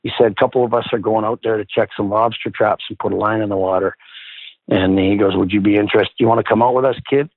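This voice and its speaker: A middle-aged man, formerly a hockey player, tells casual stories as a guest in a lowish voice at a quick pace. He's animated and swears freely, acting out the people he quotes, over a dry, echo-free, phone-like line.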